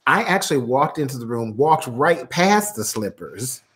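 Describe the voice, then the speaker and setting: Laughing man chiming in, lively pitch. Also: moderate pace. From Florida. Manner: laughs often, chimes in to correct the story. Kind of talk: casual chat.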